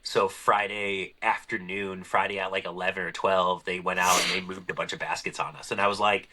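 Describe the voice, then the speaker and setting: A man with a deep voice talks a little fast with few pauses as he hosts a casual podcast chat. He's an animated storyteller, spinning loose, chatty tales and acting out the conversations.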